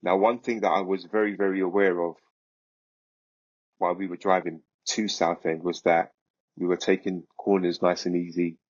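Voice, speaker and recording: A man, a podcast guest, recounting a story in a vivid, animated way. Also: sits low, normal speed, slightly rough, muffled recording. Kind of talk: casual storytelling.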